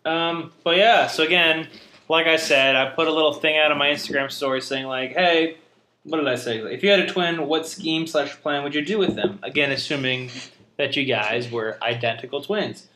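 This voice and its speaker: A man's voice: fairly high pitch, normal speed, sharp tone, slight background noise. A young man hosting a casual chat podcast, rambling, correcting himself and laughing often. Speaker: podcast host.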